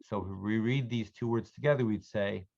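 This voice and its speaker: A man gives an online Hebrew reading lesson to adult learners, slowly and patiently sounding out words for them to repeat. His voice is fairly low and darkish, with vocal fry. The recording has its highs cut off.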